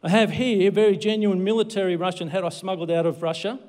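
An Australian man preaching a sermon, his voice ringing with a long reverb. His pitch sits high for a man, and he keeps the talk light with jokes at his own expense. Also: fairly even intonation, quick pace, darkish tone. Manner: jokey, self-deprecating. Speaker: pastor. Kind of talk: livestreamed sermon.

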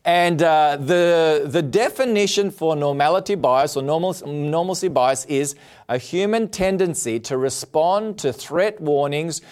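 Earnest Australian pastor preaching. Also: male voice, a little high, a little slow, a little mellow, clean tone. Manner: earnest, welcoming preaching with repeated phrases. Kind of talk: sermon. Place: television studio with audience.

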